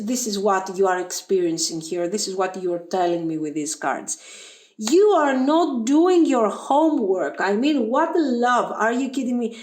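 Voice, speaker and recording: High-voiced woman reading tarot, echoey room. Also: darkish tone. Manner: emphatic, exasperated, talks straight to viewers. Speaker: tarot reader. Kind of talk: pick-a-card tarot reading to viewers.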